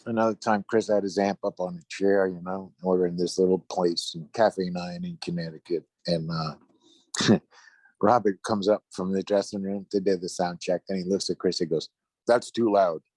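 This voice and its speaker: Low-voiced man telling band stories. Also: fairly even intonation, moderate pace, a little mellow, dry recording. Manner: chatty anecdote teller, acts out others' lines. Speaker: musician guest. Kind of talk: casual storytelling on a video call. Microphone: video call.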